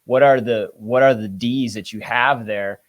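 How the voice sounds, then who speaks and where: A man's voice: medium pitch, steady tone, a little slow. A man hosting a podcast, eagerly asking his guest questions. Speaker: podcast host. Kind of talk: interview questions.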